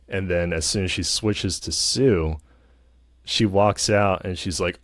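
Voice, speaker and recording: A man's voice: low-pitched, steady tone, slow, dry recording, studio quality. A man vlogging a casual film review, rambling with lots of fillers and hedges.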